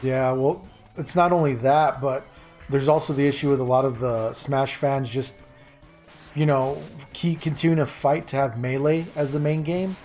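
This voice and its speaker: A chatty man hosting a relaxed gaming stream, talking at an everyday middle pitch. He greets viewers by name and stops to hunt for the right word. Faint game music plays behind him. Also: normal speed. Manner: chatty, greets chat by name, searches for words. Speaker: streamer host. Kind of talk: casual stream chat while gaming.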